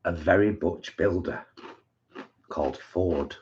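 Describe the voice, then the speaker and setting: Man, deep low voice, chatty live-stream host, muffled lo-fi sound. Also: takes it slowly, darkish tone, slight background noise. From England. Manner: chatty, storytelling. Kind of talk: casual live-stream chat. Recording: dull lo-fi sound.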